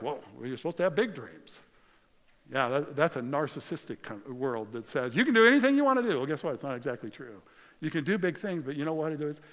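A man preaching a sermon as a pastor, conversational and storytelling, swinging from loud to very quiet. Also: medium pitch, long reverb tail.

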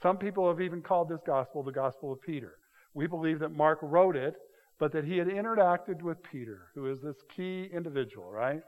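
A man with a slightly high voice preaches a sermon in a casual, storytelling way, acting out the people in his stories. His voice carries a long reverb from a big hall. The sound is somewhat dull. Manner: conversational, animated storytelling with quick acted-out voices. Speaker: pastor.

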